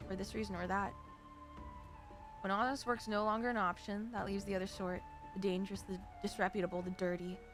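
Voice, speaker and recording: A woman's voice: medium pitch, voice pushed down, close to an everyday voice. Woman putting on a roguish charmer, put-on British accent, jaunty slang, game dialogue. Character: roguish smooth-talking male rogue, cocky charmer. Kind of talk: voicing game dialogue on stream.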